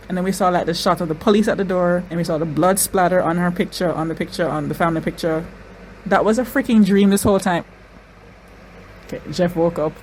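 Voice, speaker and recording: Excitable reaction-video host. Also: medium pitch, a little hiss or hum, rough recording. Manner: excitable, narrates and reacts to what is on screen; repeats words for emphasis. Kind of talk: casual reaction commentary.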